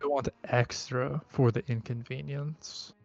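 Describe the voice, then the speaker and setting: A man's voice: mid-range voice, little pitch movement, unhurried, creaky, lo-fi sound. A man voicing a threatening male Minotaur enforcer in a tabletop game. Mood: menacing. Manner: threatening, cold.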